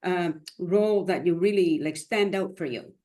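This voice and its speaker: A woman's voice: lowish voice, moderate pace, dark tone. A woman raised in Montreal, interviewing an actor in a casual, easygoing way, trailing off with fillers.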